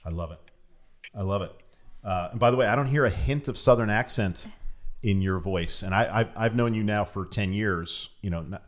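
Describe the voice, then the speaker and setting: A man's voice: on the low side, moderate pace. A man hosting a podcast interview, asking questions in a conversational, encouraging way. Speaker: podcast host.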